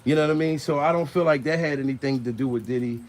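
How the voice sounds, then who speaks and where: A man's voice: fairly high pitch, fast. A man doing casual comedic commentary, crude and rambling, laughing between lines and out of breath.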